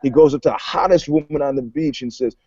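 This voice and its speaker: Panelist, male, a bit high-pitched, wry storyteller; dry, dull lo-fi recording. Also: husky, no room sound. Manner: animated, wry, quick to joke. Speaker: podcast panelist. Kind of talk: casual chat, storytelling.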